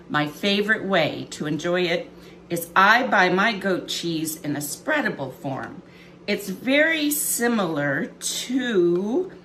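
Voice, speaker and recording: A woman's voice: mid-range voice, fairly bright tone, a little hiss or hum. A woman hosting a children's cooking show from her kitchen, chatting homily to the kids with plenty of ums as she demonstrates. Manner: chatty, homey, talks straight to kids with many ums. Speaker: library cooking show host. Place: home kitchen.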